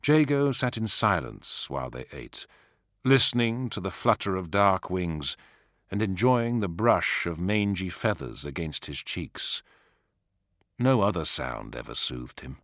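Measured dramatic male audiobook narrator. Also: sits low, big pitch swings, no room sound, clean studio sound. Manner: measured, dramatic, dropping to hushed asides.

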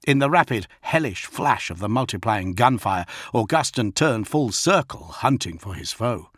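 Grave, steady male audiobook narrator. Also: medium pitch, normal speed, no echo, clean studio sound. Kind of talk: dramatic scripted narration.

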